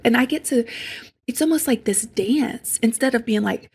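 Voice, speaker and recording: Woman, podcast guest, husky, gravelly creak, earnest and tender, reflective. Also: on the high side, normal speed. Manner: earnest, tender, drops into soft whispers. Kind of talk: reflective spiritual conversation.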